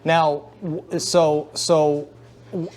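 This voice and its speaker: A man's voice: on the high side, flat delivery, extremely slow, darkish tone. A man hosting an interview, steering his guest with probing questions. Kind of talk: casual interview.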